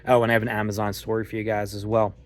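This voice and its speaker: A man's voice: on the low side, rapid-fire. Chatty Philly guy browsing store aisles. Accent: Philadelphia. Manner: chatty, excitable, slangy. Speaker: vlog host. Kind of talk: casual walk-through vlog.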